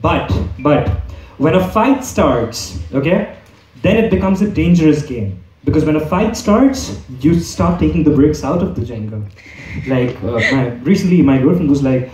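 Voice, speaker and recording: A man's voice: fairly high pitch, lively intonation, moderate pace, darkish tone. A man doing a stand-up comedy set on a club stage, rambling with lots of fillers and restarts while the audience laughs. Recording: echoey room, mic far off.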